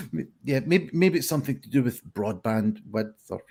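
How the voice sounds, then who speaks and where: A man hosts a live online pun contest over a video call, chatty and rambling with lots of fillers. His mid-range voice is mellow and husky with vocal fry, lively intonation and a slightly slow pace.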